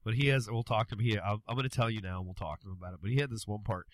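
A man's voice: fairly low pitch, very fast, no room sound. A man co-hosting a casual podcast, joking and swearing freely, often slipping into put-on voices. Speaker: podcast co-host. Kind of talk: casual chat.

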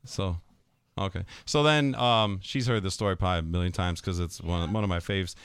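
Smooth-voiced man telling school stories. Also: low-pitched, brisk, no echo, clean studio sound. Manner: animated storyteller, acts out students' voices. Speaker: middle school teacher, guest. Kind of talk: casual podcast storytelling.

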